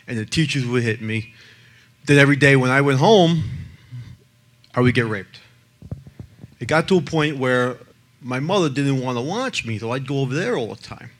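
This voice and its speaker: A man speaks in blunt, emphatic personal testimony. His voice sits at an ordinary middle pitch. He pushes some lines out loudly and drops others to a near hush. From the Bronx, New York. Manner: blunt and emphatic, swinging between loud and hushed. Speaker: abuse survivor and advocate speaker.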